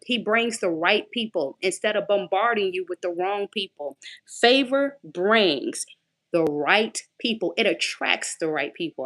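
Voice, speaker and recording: A young woman coach giving a casual inspirational faith talk in a lively, conversational, preachy way. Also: medium pitch.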